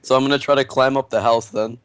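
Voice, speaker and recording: Guy playing a thief in a tabletop game, smooth voice, dry close mic, kinda hesitant. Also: mid-range voice, fairly even intonation, fast, fairly bright tone, dry recording. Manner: hesitant, restarts often. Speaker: player. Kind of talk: casual chat in a tabletop game.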